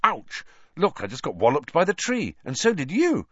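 A tense, fierce teenage boy, as a male narrator reads him, speaking with bitter intensity and dropping to a mutter at times, only a little lifted from the reader's own voice. His lines swing in a lively way, and the take sounds dry and a bit dull. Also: fairly high pitch, normal speed, breathy edge, dry recording, voice pushed up, heavily acted.

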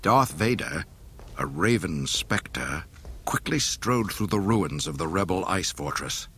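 Low-voiced man narrating a storybook. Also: a little slow, breathy edge. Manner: dramatic, expressive reading.

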